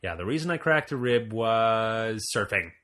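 A man from Montreal co-hosting a casual podcast, telling stories with jokes and lively asides. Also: lowish voice, moderate pace. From Montreal, Canada. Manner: joking, animated storytelling. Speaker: podcast co-host.

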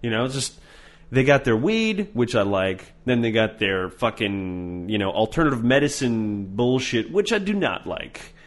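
A man's voice: medium pitch, a little slow. A man hosting a podcast, chatting casually, swearing and mocking with plenty of energy. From Canada. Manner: profane, mocking, animated. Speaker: podcast host.

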